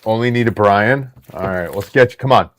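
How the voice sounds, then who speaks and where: A man in his thirties hosting a live card break stream, chatting excitedly with viewers in the chat. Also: on the low side, a little fast.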